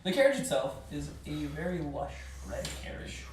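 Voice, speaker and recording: A man's voice: a little high, very animated, normal speed. A man running a tabletop game and narrating it in a casual, laid-back way. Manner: casual, laughing, swearing. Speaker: game master. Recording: roomy, distant mic, background noise.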